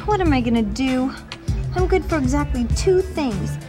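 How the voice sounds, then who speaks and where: A woman's voice: sits high, animated, normal speed. An actress playing a vain, self-pitying young woman who whines dramatically in a TV drama scene. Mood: lamenting. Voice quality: whiny, dramatic. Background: music score.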